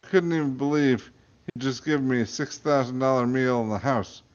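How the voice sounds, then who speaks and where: A man's voice: mid-range voice, normal speed, dull audio. A man, a podcast host, reading a comic story aloud and tripping over words. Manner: stumbling, self-correcting reading.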